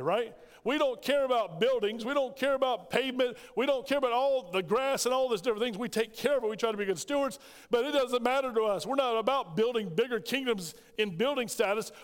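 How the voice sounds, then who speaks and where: A man delivers a sermon as pastor, stacking rhetorical questions and slipping into the voices of the people he quotes. His voice sits fairly high. The sound carries a long reverb from the church sanctuary. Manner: preaching with rhetorical questions, quoting scripture in acted voices.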